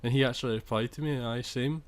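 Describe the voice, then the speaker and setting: This young gaming commentator has a mid-range voice with fairly even intonation and a quick pace. He chats over his own football game footage, restarting sentences and cursing when irritated.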